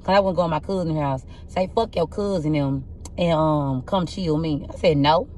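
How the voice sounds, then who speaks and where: A young woman with a rough, husky voice, doing a casual tarot reading and telling blunt, profane stories in an animated way. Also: deep voice, normal speed, slight background noise. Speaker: tarot reader.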